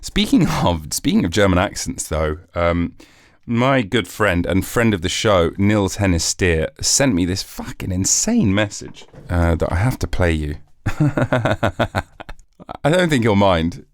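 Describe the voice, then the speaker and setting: A man hosting a rambling solo comedy podcast, jokey and animated, slipping into silly voices. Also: deep voice, a little slow. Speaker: podcast host.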